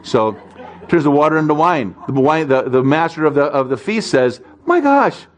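A man's voice: fairly high pitch, moderate pace. A man preaching a sermon in an easygoing, conversational manner, telling stories with self-deprecating humor and acting out the voices in them. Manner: acts out quoted voices in stories. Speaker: pastor.

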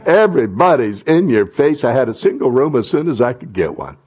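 A middle-aged man preaching a sermon as pastor, talking conversationally and then rising to loud impassioned cries. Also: mid-range voice, sing-song, a little fast, slightly rough.

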